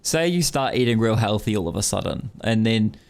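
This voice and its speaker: A man's voice: on the low side, lively intonation, a little fast, vocal fry. A young man co-hosting a podcast in casual chat, joking, hyped, and poking fun at himself. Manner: joking, hyped, self-mocking. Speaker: co-host.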